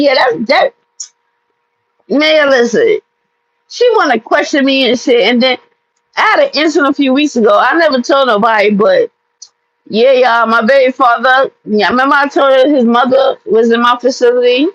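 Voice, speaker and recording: High-voiced woman in a heated rant. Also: normal speed, dry recording, lo-fi sound. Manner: blunt, profane and heated. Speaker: vlogger telling a personal story. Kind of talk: storytime rant.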